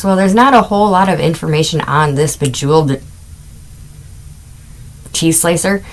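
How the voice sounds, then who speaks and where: A woman's voice: lowish voice, fairly quick, long pauses, slight background noise, rough recording. A middle-aged woman hosting a casual crime podcast, telling stories with chatty asides and amused laughs. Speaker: podcast host.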